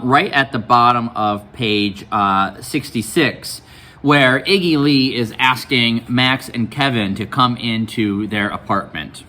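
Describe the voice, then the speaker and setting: A man's voice: medium pitch, sharp tone. A male teacher reading a novel aloud to his class and explaining it. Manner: guiding, explanatory.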